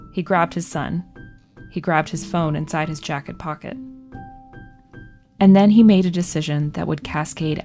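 A woman calmly narrating a scripted piece of narrative journalism. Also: deep voice.

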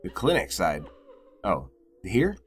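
A man with a low voice reacts to a horror game with dry, casual remarks. He talks slowly, drawing out his comments as he plays. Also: huge pitch swings. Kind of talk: let's play commentary.

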